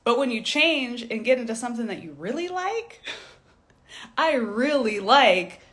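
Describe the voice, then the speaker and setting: A woman's voice: on the high side, expressive, a little slow, a bit bright. A woman in her thirties, a stylist business coach, giving a blunt, profane motivational rant with mocking impressions.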